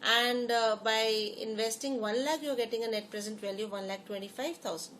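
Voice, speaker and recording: Woman, somewhat high voice, repeating herself, quizzing students, faint background hiss. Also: a little fast, a bit bright. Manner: repeats phrases and asks the class questions. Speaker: teacher. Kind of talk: lecture explaining to students.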